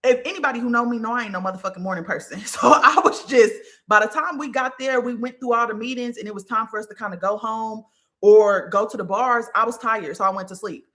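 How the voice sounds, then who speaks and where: A woman hosting a podcast, telling a personal story in a candid, profane, animated way. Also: a little high, quick pace. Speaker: podcast host. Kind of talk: casual storytelling monologue.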